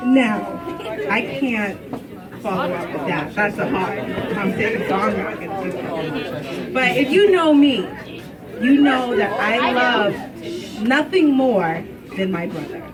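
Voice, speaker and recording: Slow, tender woman at a distant mic. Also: mid-range voice, expressive. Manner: tender, earnest. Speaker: sister giving a farewell toast. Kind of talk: heartfelt toast. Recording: distant mic with party crowd.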